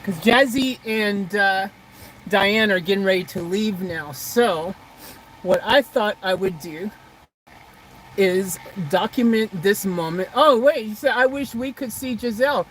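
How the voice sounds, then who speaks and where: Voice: medium pitch, unhurried, a bit bright, slight background noise, rough recording. A vlogger chatting casually on a livestream outdoors beside a car, reading out viewer comments in a rambling, hesitant way full of restarts.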